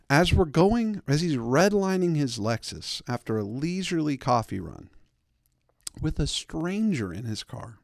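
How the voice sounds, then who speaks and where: A man in his thirties spins a personal story with big swings in pitch, punching lines loudly and breaking into laughter at himself. His voice sits at a mid pitch and is recorded close and dry, with no room sound. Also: no room sound. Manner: animated, emphatic, laughing at his own story. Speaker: podcast host.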